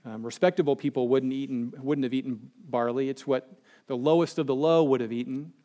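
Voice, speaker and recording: A man's voice: mid-range voice, fairly even intonation, brisk, warm tone. A male pastor giving a casual, conversational sermon with humorous asides and acted-out quotes. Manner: chatty, joking, acts out quoted people.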